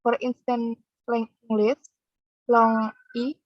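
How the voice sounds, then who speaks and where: A woman student with an Indonesian accent reading a class presentation in a flat, steady voice. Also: a little high, takes it slowly, dry recording. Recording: dry, dull lo-fi mic.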